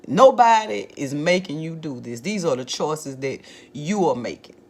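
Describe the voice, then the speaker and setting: A woman voicing her stern churchgoing mother, who bluntly scolds her grown daughter in a low voice. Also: expressive, moderate pace. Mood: scolding.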